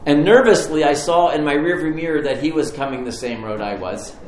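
A man preaching a sermon, telling a personal story with lively restarts and repetitions. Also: a little high, fairly quick, reverberant, slight background noise, poor audio. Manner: storytelling, animated, stumbling restarts. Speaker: pastor.

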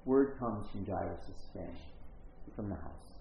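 A middle-aged man teaches a Bible story as a storytelling sermon, rambling conversationally and frequently cutting himself off. His lowish, expressive voice has some vocal fry and a moderate pace, recorded on an echoey, phone-like line with slight hiss or hum.

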